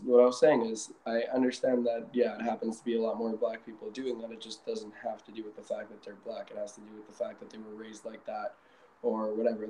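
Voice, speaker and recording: A man giving his view at length in a class discussion over a video call, steady as he explains his point. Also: fairly low pitch, slight background noise, poor audio. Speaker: class participant.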